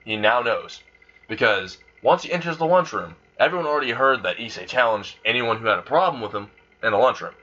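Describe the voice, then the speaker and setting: A man's voice: medium pitch, lively intonation, fairly quick, pushed and bright. A man casually improvising a fan story, rambling and crude with lots of fillers and swearing, on a dull lo-fi recording.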